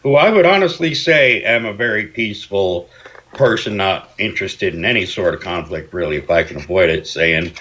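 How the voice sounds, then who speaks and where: A man with a low, growling voice in a heated political panel chat. His remote call-in sounds dull and lo-fi. A faint hiss runs beneath him. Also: expressive, normal speed, pushed and bright. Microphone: remote call-in to live panel. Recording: dull lo-fi line with faint noise.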